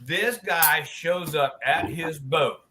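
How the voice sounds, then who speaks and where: A man hosting a live stream, telling long dirty jokes in an animated, profane way. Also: a little high, takes it slowly, background noise. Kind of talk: casual joke-telling.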